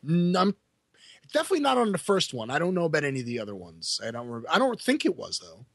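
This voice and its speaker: A man co-hosting a podcast in casual chat, animated and quick to laugh. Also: a little high, gravelly, dry recording. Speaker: podcast co-host.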